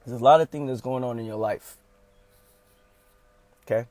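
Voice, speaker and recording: A man's voice: medium pitch, moderate pace, darkish tone. Emphatic man giving a motivational talk. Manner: emphatic, repetitive, calls listeners "fam". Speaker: motivational speaker.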